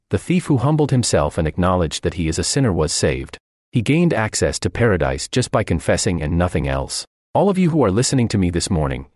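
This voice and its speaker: A man's voice: deep voice, darkish tone, no echo. A man voicing a translated radio sermon, preaching earnestly and emphatically with repeated phrases, close to the mic.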